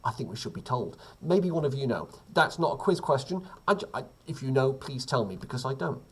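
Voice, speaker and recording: Husky-voiced man as a casual quiz host at home, lively pitch, wandering off on tangents. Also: a little fast. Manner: chatty, self-deprecating, rambling asides. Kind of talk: casual quiz reading with asides.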